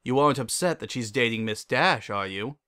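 A man's voice: mid-range voice, animated, a little fast, sharp tone, clean tone, no echo, clean studio sound. A man doing a prim, scolding pet owl. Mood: stern. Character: stern, proper male pet owl.

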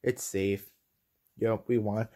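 A young man casually commentating his own gameplay, excitable and rambling, quick to get frustrated. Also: fairly low pitch. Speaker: gaming commentator.

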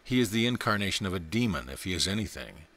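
A man's voice: deep voice, very animated, quick pace, a bit bright, heavily acted. A man reading the part of a proud, hot-tempered young monk who speaks haughtily and with indignation. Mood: disdainful.

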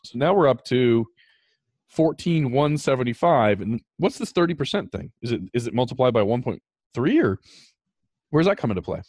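A man's voice: medium pitch, normal speed, no echo, studio quality. A man hosting a podcast, explaining finance numbers in a casual, emphatic way. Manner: animated, emphatic, talks through numbers. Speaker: podcast host.

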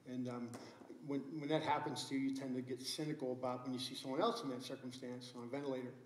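Middle-aged man, pastor, earnest sermon storytelling, mid-pitched voice, echoey church room. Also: level tone, fast. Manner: earnest storytelling with many restarts. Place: church sanctuary.

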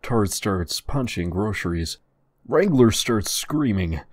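A man with a lowish voice reading crude, profane stories aloud in a deadpan way. His pitch still moves around a good deal as he tells them. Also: takes it slowly, no echo, clean studio sound. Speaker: storyteller.

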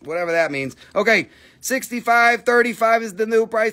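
A man's voice: on the high side, lively intonation, brisk, bright, forceful tone. A man hosting a live stream where he sells minerals, with playful, jokey, auctioneer-like patter.

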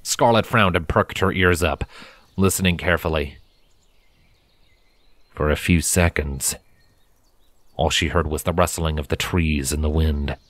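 A man reading a fan fiction story aloud as narrator, steady and dramatic. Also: extremely low pitch, unhurried, long pauses, no echo. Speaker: fanfiction reader. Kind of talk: audiobook narration. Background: background music.

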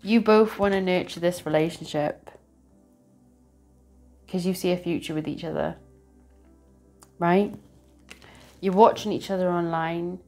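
A woman's voice: on the low side, unhurried, long pauses, darkish tone, soft background music. A woman giving a casual tarot reading to camera, chatty and rambling, laughing often. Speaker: tarot reader.

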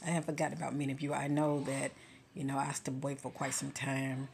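A woman with a very low, gravelly voice talks straight to her followers in a casual spiritual encouragement vlog. She speaks directly and conversationally with a preacher's cadence, often checking in with the listener as she goes. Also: little pitch movement, fast talker, darkish tone. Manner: direct, conversational, preacher-like, often asks "okay?" and "you know". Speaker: spiritual vlogger.

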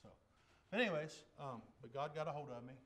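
A man telling his conversion story in church as a lay preacher, folksy and plain, dropping to a hush and then bursting out loud. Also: fairly high pitch, brisk. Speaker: lay preacher giving testimony. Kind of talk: testimony sermon. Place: church service.

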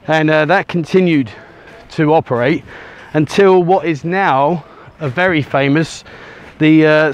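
A man with a slightly raised pitch chats his way along an outdoor beach, holding the camera himself. His talk wanders, packed with ums and uhs, and he is a little short of breath from walking on the sand. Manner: rambling, chatty, many ums and uhs. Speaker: travel vlogger. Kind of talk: casual walking vlog to camera. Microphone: handheld camera he turns around.

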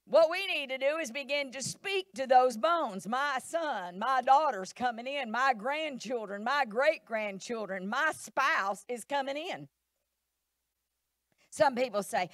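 Emphatic woman preacher, high, dry. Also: expressive, measured pace, no room sound. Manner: emphatic, repetitive preaching with quoted voices. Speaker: pastor. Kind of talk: sermon. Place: church.

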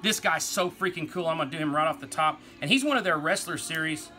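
East Texas man, toy vlogger, bright and forceful tone, easygoing and rambling. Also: on the high side, fast talker, soft background music. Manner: rambling, folksy, says y'all, laughs easily. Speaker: toy collector vlog host. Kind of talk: casual rambling toy talk.

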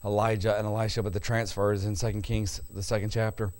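A pastor delivering a sermon, moving from quiet storytelling to loud, emphatic preaching. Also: male voice, fairly low pitch, little pitch movement, fast.

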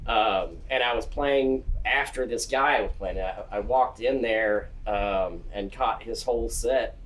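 A man, a songwriter guest, telling stories in an animated, rambling way in a casual interview. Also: lowish voice, unhurried. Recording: voice distant from the mic.

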